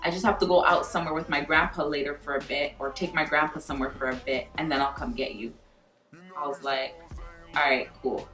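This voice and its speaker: A young woman telling a profane, animated storytime vlog and acting out quoted dialogue. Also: sits low, fast. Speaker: vlogger. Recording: echoey room from far off with faint music.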